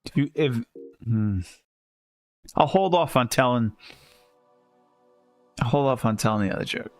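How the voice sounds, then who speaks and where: A man's voice: mid-range voice, lively intonation, measured pace, faint music behind. A man livestreaming a game, telling dad jokes in a rambling, self-amused way. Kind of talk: casual chat while gaming.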